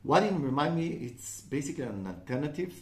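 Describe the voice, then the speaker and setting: A native French speaker with a French accent chats casually through a perfume review, often checking in with "okay?" and filling gaps with "uh." His voice is on the high side, very animated and brisk, in a roomy-sounding space.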